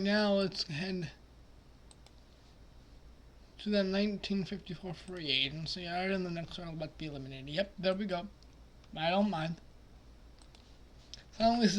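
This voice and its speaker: A man commenting casually on a basketball simulation, muttering quietly at times and then breaking into loud, excited outbursts. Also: high-pitched. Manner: excitable, swings from mumbled asides to loud outbursts. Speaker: simulation gaming streamer.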